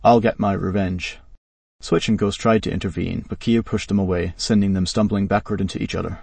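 Low husky guy reading a story, dry sound, set back from the mic. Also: steady tone, quick pace, darkish tone, no echo, recorded from a distance. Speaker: narrator.

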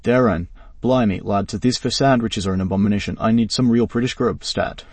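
Guy reading as a laid-back young musician dude, husky voice, dry and off-mic. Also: fairly low pitch, brisk, no echo, far from the mic. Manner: flat, even read with the speaker's name spoken first. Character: easygoing young male musician fond of home food.

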